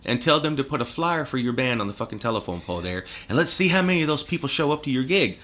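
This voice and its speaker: A man's voice: medium pitch, expressive, fast, fairly bright tone, slight background noise. A man telling stories as a podcast guest, sarcastic and profane, often breaking into laughter. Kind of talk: casual podcast storytelling.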